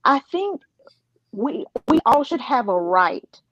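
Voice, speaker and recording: Woman panelist, emphatic and earnest, mid-pitched, dry and slightly muffled sound. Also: very animated, takes it slowly, dry recording. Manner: earnest, emphatic, with frequent restarts. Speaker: panel guest. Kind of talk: panel discussion.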